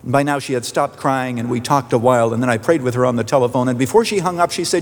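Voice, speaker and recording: A man preaching a sermon as pastor, telling a story and lifting his voice when he quotes others. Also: fast talker. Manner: storytelling, quoting voices with rising pitch. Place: church sanctuary. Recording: long reverb of a church hall.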